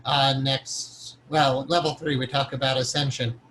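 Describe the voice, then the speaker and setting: A man's voice: medium pitch, flat delivery, a little slow, fairly bright tone, a little hiss or hum, poor audio. A man teaching a meditation course in an informal, rambling lecture style, earnest and conversational with frequent self-corrections and an occasional chuckle. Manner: earnest, chuckles now and then.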